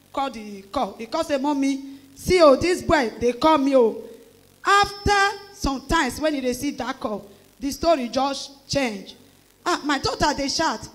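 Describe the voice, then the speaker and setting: With a high voice and a Nigerian Pidgin English accent, a middle-aged woman gives an emotional testimony at church. She tells her story with animated exclamations and acts out other people's voices.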